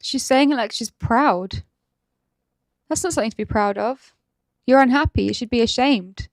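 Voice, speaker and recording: A woman's voice: a little high, moderate pace, pauses often, no echo, studio quality. A woman host giving indignant reaction commentary, firing rhetorical questions.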